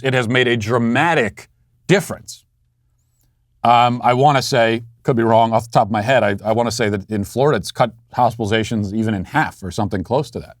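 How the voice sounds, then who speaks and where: A man's voice: mid-range voice, no echo, clean studio sound. Sardonic man hosting a commentary show. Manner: sardonic, conversational, frequent restarts. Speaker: show host. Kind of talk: political commentary monologue.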